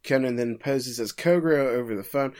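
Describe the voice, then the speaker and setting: A man co-hosting a casual podcast, recapping plot events at length and breaking in with quick quips. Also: medium pitch, a little mellow, smooth. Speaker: podcast co-host recapping an anime episode. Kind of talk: casual chat.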